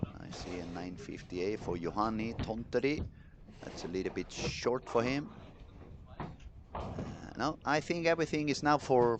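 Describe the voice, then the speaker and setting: A man commentating live on a bowling tournament, excitable and chatty, talking straight to the viewers in the chat. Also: fairly low pitch, a little hiss or hum.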